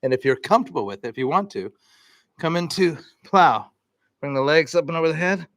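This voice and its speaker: Calm male yoga instructor, dry sound. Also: a little high, rapid-fire, dry recording. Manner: calm breath cues, relaxed and encouraging. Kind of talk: guiding a yoga class.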